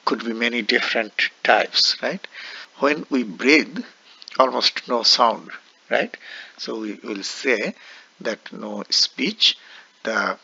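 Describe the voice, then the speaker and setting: Slow, gravelly male lecturer, lo-fi. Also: on the low side, pushed and bright. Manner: explanatory, frequent "uh" and "right?" checks. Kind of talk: lecture on speech production.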